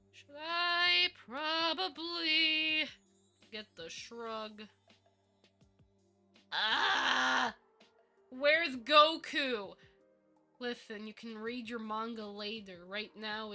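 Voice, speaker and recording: A woman's voice: mid-range voice, pushed and bright. A woman streaming live as a VTuber while modeling in 3D, chatting playfully with giggles and mock-villain theatrics. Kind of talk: casual live stream chat.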